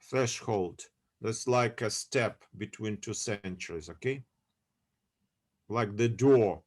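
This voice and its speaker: A man's voice: lowish voice, a little mellow. A man teaching an online lecture over a video call. He halts often, searches for English words, and checks in with his students. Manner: halting, searching for English words, many fillers. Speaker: university lecturer.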